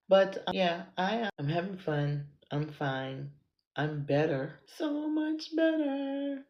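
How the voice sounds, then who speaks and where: A woman's voice: a bass voice, vocal fry, a little mellow, highs cut off. An American woman hosting her own podcast, talking in a rambling, blunt and often profane casual monologue. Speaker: podcast host and content creator. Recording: roomy echo.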